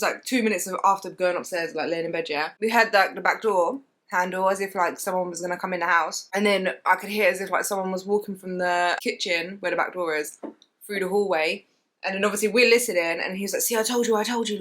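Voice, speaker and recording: A woman, telling a story to camera in a casual vlog and acting out the sounds and what people said. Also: mid-range voice. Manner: fast animated storytelling, acts out sounds and quotes. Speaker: vlogger.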